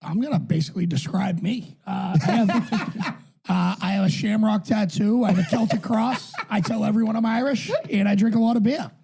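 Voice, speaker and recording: A man's voice: sits high, moderate pace, vocal fry, dark tone. A middle-aged man from New England, co-hosting a podcast in profane, joking banter. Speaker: podcast co-host. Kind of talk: casual chat.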